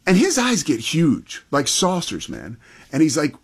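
A slightly high male voice with an easygoing, enthusiastic sports talk manner. He chats casually and reaches for words like dude and man. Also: wildly swooping pitch, a little slow, husky. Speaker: sports show co-host.

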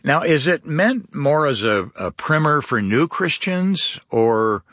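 A man's voice: fairly high pitch, very animated, slow pace, fairly bright tone, no echo, studio quality. A man co-hosting a radio program, announcing offers and asking questions in an announcer's manner.

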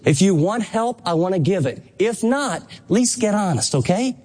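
A man preaching with a notably high-pitched voice, emphatic and impassioned. His delivery rises and presses as he urges his listeners on. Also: lively intonation, normal speed, darkish tone. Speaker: pastor. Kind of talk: sermon.

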